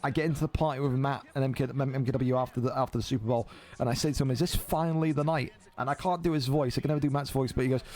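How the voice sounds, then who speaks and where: A man commentating a video game football match with casual banter, animated and swearing freely. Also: medium pitch. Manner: animated, swears casually, quick play calls.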